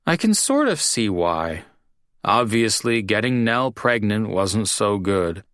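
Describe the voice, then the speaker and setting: A man's voice: fairly low pitch, sing-song, slow, fairly bright tone, dry recording, studio quality, voice pushed up, exaggerated voice. A man reading an audiobook, voicing a drunk, self-pitying young bartender who mumbles and slurs. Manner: slurred, mumbling. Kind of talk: audiobook character voice.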